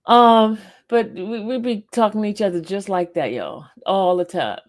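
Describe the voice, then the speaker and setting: Gravelly-voiced woman teasing her live chat. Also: mid-range voice, lively intonation, moderate pace, few pauses. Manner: playful teasing, talks straight to her chat. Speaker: livestream host. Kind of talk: casual livestream chat.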